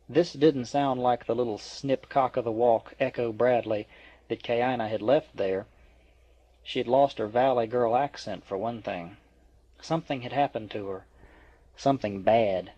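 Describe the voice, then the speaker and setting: A man's voice: medium pitch, a little slow, warm tone, dry recording. Man reading a novel aloud, dry lo-fi. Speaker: audiobook reader. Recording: dry, dull lo-fi.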